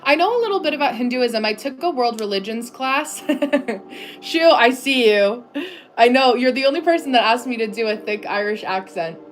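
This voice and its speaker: A woman's voice: a little high, lively intonation, moderate pace, slight background noise. A woman from the United States hosting a casual live stream from her home desk, chatting loosely with viewers, full of "like" fillers and frequent laughs. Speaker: livestream host.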